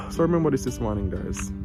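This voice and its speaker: A man's voice: medium pitch, moderate pace, low-quality recording. Jamaican man with heartfelt, preaching talk. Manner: heartfelt, preachy, repeats words as he stumbles. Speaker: vlog host, father. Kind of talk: casual vlog with a devotional message. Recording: guitar music playing behind him.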